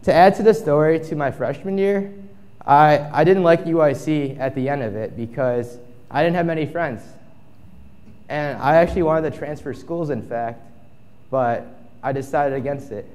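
Speaking in a large hall, this twenty-something conference speaker tells a casual story from the stage and performs the quotes within it. His voice is a little high and a little mellow, delivered at a normal speed.

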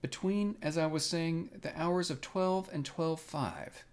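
A man's voice: a little high, a little mellow, voice pushed up. Piglet: a man doing a nervous little piglet. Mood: flustered. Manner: anxious, hurried excuses. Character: small timid male piglet, nervous and fussy.

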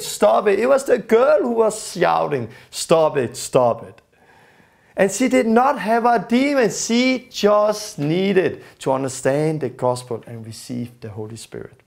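Gravelly high-voiced male teacher. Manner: storytelling, acts out the people he quotes. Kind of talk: teaching lesson.

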